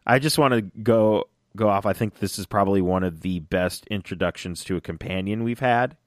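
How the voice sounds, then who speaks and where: A man in a casual fan chat, talking excitedly and rambling, often acting out lines in little voices. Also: lowish voice, moderate pace, no echo, studio quality. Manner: excited, rambling, acts out quotes.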